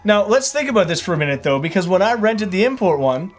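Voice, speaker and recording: A man's voice: high voice, sing-song, fast, soft background music. A man co-hosting a casual chat, telling his side of a story in a teasing, sarcastic way. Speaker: co-host.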